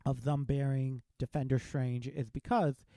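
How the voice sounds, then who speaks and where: Man, podcast host, very dark mellow voice, dry close mic, animated casual film chat. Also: mid-range voice, measured pace, no echo. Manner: animated, retells scenes with quoted lines.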